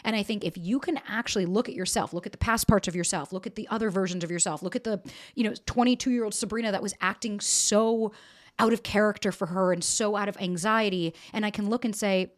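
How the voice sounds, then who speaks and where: A woman's voice: medium pitch, fast talker. Candid, swearing woman podcast host. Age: 40s. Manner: emotional, swears freely, acts out quotes. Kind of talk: candid confessional chat.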